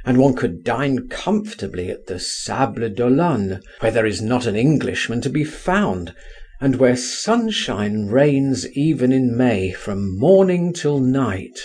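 A man reading a story aloud, narrating and pressing his case with expressive, persuasive delivery. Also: mid-range voice, husky. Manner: expressive, persuasive, lively intonation. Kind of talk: audiobook narration.

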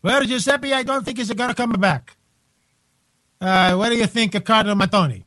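A man's voice: sits high, moderate pace, bright, forceful tone, dry recording. A man voicing a chatty male cardinal in a hammy put-on Italian accent. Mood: offhand.

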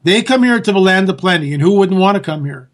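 A man's voice: high voice, lively intonation, quick pace. A man delivering an indignant political commentary monologue, sarcastic and full of rhetorical questions. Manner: mocks others in put-on voices. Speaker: commentary host.

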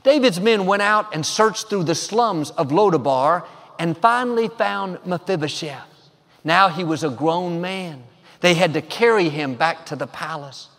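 A man preaching with a high, bright-toned voice, pressing each affirmation with growing emphasis. His words ring out with the long reverb of a large hall. He delivers a sermon to a congregation. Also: lively intonation, measured pace. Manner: emphatic, declaring affirmations with rising force. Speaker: pastor.

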